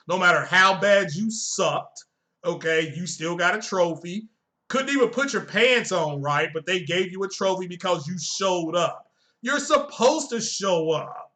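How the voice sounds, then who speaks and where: High, bright-voiced man ranting bluntly. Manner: blunt, profane and joking, chuckles often. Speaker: live-stream host. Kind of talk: casual live-stream rant.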